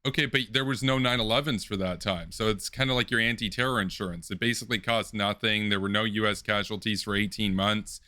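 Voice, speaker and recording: A man hosts an online political debate, speaking in a measured way with frequent ums and uhs. His voice sits a little low but sounds bright and crisp. The mic is close and dry, with no room sound. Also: steady tone, no room sound. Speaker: debate host.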